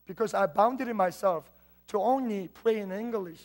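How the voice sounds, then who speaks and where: A native Korean-speaking pastor from southern Korea, with a southern Korean accent, preaches a sermon as an earnest story, his delivery swinging between loud and hushed. He speaks at a moderate pace in a high-pitched voice.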